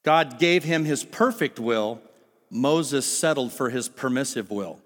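A man preaching a sermon, animated and full of rhetorical questions to his listeners. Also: mid-range voice, measured pace. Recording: long hall reverb with faint music.

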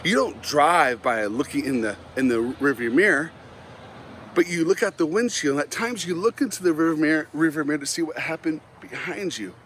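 A middle-aged Christian motivational speaker tells humorous stories about himself, animated and self-mocking, often laughing at his own tales. His voice is a little high and fairly quick, with slight background noise.

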